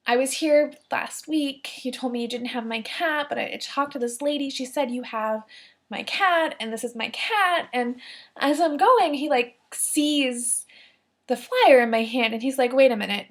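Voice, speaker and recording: A young adult woman telling a personal story, lively and full of "like" fillers, acting out the people she quotes. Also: on the high side. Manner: animated, many "like" fillers, acts out quoted voices. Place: Columbus, Ohio area.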